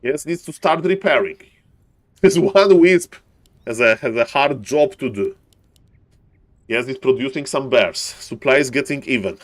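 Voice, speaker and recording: A man casting a live strategy game, excitable, repeating phrases and yelling advice at the players in non-native English. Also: medium pitch, measured pace, long pauses. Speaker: esports caster.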